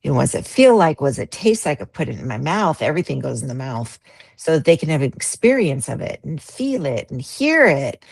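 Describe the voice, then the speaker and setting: A woman's voice: sits low, creaky, dry recording. A woman in a casual spiritual group discussion, reflective and meandering, laughing easily, on a video call.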